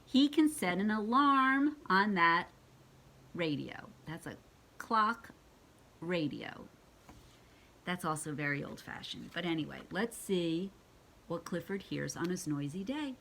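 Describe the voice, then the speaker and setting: Older grandma reading storybooks to the grandkids, bright voice, takes her time. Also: on the low side, slow, long pauses, slight background noise. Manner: gentle and expressive, asking the children questions and acting out animal sounds. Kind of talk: reading picture books aloud to children.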